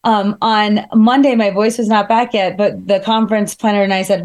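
A woman's voice: medium pitch, steady tone, fairly quick, a little mellow. A woman who gives keynote speeches, talking reflectively about a personal experience. She asks herself questions earnestly and often says "like.". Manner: earnest, self-questioning, frequent "like". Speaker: keynote speaker.

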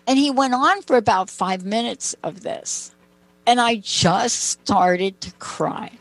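A woman's voice: on the high side, slow, no room sound, rough recording. A woman hosting a talk show, telling personal stories in a chatty way and making asides to her co-host. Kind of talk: conversational storytelling.

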